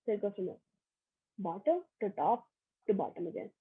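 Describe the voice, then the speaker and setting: A young woman giving a recorded online lesson, slow and patient, repeating each example aloud. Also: medium pitch, expressive, husky. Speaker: workshop teacher. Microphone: online video lesson. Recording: tinny phone-like audio.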